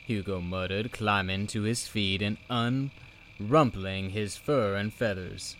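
A man with a low voice narrating a children's book at an unhurried pace. His delivery is measured and expressive, with a faint hiss of background noise. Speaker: reader.

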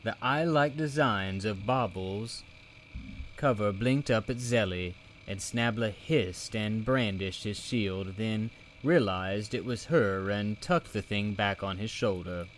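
A man with a low voice narrating a children's book at an unhurried pace. His delivery is measured and expressive, with a faint hiss of background noise. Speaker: reader.

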